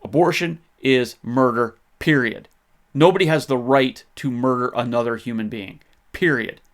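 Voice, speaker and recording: A man with a medium-pitched voice hosts a faith podcast offering history commentary, speaking at a moderate pace. He's impassioned and conversational, getting fired up and often restarting his sentences.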